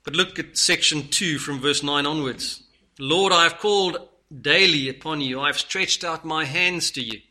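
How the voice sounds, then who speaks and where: Bright-voiced man preaching a sermon. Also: fairly high pitch, normal speed. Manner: earnest, swinging from loud to hushed.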